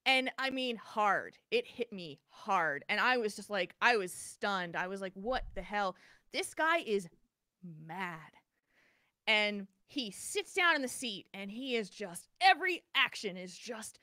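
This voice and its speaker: A bright, clear woman co-hosting a podcast and telling a story in a lively, chatty way. She restarts her sentences often as she relives the moment. Her voice sounds dry and close, with no room sound. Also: mid-range voice, unhurried, no echo. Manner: animated, vivid retelling with many restarts. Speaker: podcast co-host. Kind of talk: casual storytelling.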